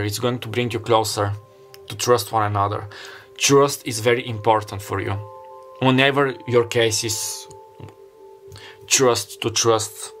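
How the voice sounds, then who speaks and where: A man whose first language is Bulgarian gives a pick-a-card tarot reading, rambling and heartfelt as he searches for words. His voice is mid-range with a fairly bright tone.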